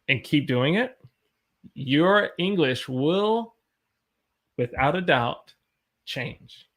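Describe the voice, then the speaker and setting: A young American man teaching English on a live stream, energetic, his voice jumping high whenever he gets excited. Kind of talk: live-streamed language lesson.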